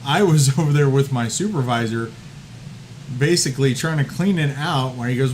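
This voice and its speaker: A man's voice: medium pitch, fairly quick, darkish tone, a little hiss or hum. A man hosting a casual podcast, telling stories with lots of swearing and laughter and acting out what people said. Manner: profane, laughing storyteller who acts out quotes. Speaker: podcast host.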